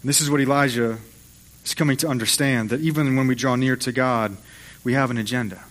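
A man preaching as a pastor, retelling an old story with storytelling flair. He speaks at a middle pitch and slips briefly into the voices of the people he describes. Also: fairly even intonation, a little fast, a bit bright. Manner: storytelling, acts out voices of biblical figures. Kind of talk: sermon.

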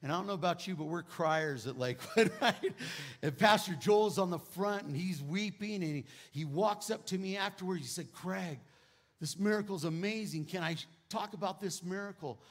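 A middle-aged male pastor preaching a testimony, moving between hushed quoted prayers and loud exclamations. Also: high-pitched, normal speed. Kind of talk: sermon testimony.

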